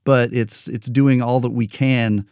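A man hosting a podcast interview, thoughtful and a bit rambling, with soft laughs. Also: mid-range voice, fairly even intonation, unhurried, clean tone, no echo, studio quality. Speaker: podcast host.

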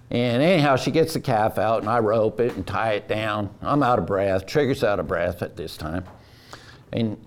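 Folksy man telling a story. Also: mid-range voice. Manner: folksy drawl, animated retelling. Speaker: guest telling a rodeo story. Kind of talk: casual storytelling.

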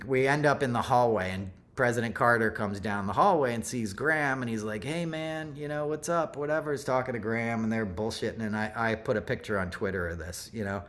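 Low-voiced middle-aged man rambling through a story. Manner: rambling, loose and conversational, full of asides and self-corrections. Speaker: podcast host. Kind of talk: casual storytelling monologue.

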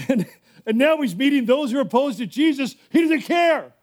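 A man's voice: very high-pitched, animated, brisk. A male pastor preaching a sermon in a fervent, emphatic way, often repeating himself.

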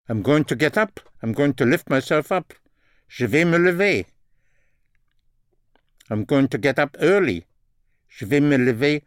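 A man's voice: medium pitch, dry recording, studio quality. A man teaching a spoken language lesson, repeating phrases and spelling words out letter by letter.

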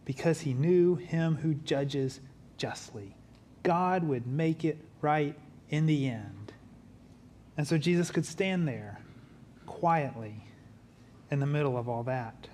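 A man with a fairly high voice preaches a sermon as a pastor. He drops into quiet, low tones for weight, then lifts into lively, joking asides. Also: slow, long pauses, a little hiss or hum. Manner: humorous asides in a conversational tone.

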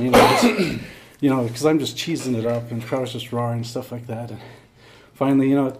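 A man's voice: mid-range voice, a little mellow, a little hiss or hum. A man sits in as a guest on a podcast and tells a long bar story with plenty of restarts and repeated words. His voice sits in an ordinary middle range, and the delivery is loose and rambling. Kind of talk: casual storytelling.

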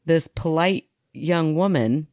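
Low-voiced, laughing podcast host woman. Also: takes it slowly, a little mellow, no echo, clean studio sound. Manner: laughs often, rambling storyteller. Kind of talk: casual chat.

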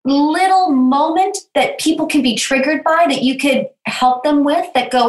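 A woman hosting a podcast interview, speaking in a slow, reflective, affirming way. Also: high-pitched, echoey room, low-quality recording. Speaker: podcast host. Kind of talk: interview conversation.

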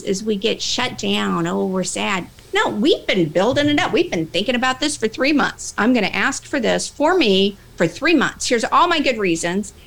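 A woman workplace trainer giving a motivational talk, animated, acting out both sides of the conversations she tells. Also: mid-range voice, rough recording. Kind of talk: motivational talk with acted-out dialogue.

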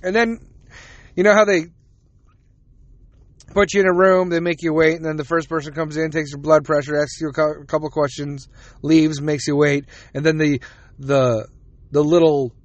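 A man's voice: on the high side, fairly even intonation, moderate pace, no echo. A man hosting a casual solo podcast, rambling and swearing as he retells conversations, tired and yawning. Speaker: podcast host.

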